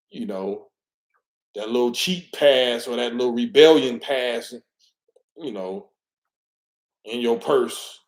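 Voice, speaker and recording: A middle-aged man giving an emphatic, preachy street-talk monologue and repeating his words as he commentates. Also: medium pitch. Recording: roomy echo.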